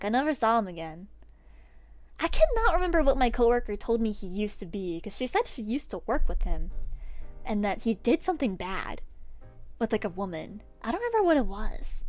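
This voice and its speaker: Young woman, streamer, rambling casual chat, a bit high-pitched, faint music behind. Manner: rambling, with restarts and frequent "like". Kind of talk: casual storytelling while painting her nails on stream.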